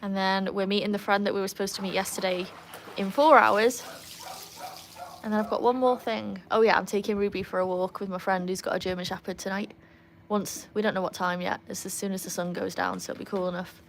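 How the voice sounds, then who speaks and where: A woman chatting casually on a livestream from beside a backyard pool, breaking into a high sing-song voice to praise her dog. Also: steady tone, fairly quick, slight background noise. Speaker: livestream host and dog owner. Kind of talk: casual live chat. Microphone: phone.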